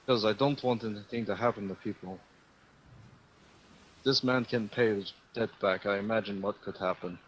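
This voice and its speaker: A man playing his character in a tabletop game, calm and measured. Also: lowish voice, a little hiss or hum. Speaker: player. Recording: dull lo-fi audio.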